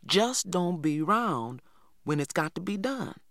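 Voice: mid-range voice, very animated, takes it slowly, fairly bright tone, no room sound, voice pushed up, full character voice. A reader voicing a boastful, lazy teenage boy who talks in a drawling rural dialect, in a dry audiobook recording. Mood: smug. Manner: drawling, self-satisfied, Southern rural dialect. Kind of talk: audiobook character voice.

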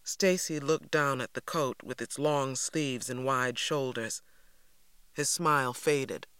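A man reading a first-person story aloud with steady, expressive narration. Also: mid-range voice, slow, clean tone, dry recording. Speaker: audiobook narrator.

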